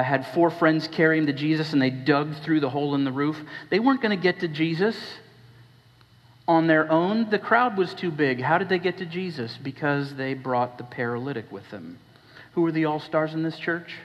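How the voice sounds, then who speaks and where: A man's voice: fairly high pitch, brisk. Male pastor, conversational sermon, questions the room, reverberant hall, dull mic sound. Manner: conversational, questioning the congregation, shifting between hushed and raised. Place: church hall.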